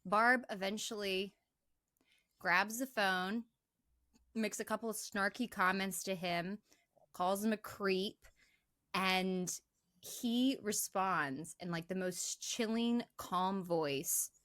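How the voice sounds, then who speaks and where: A woman's voice: medium pitch, takes it slowly, no room sound. A young woman co-hosting a podcast, casually retelling a movie's plot and acting out the characters' lines. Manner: animated retelling, acts out quoted lines. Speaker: podcast co-host.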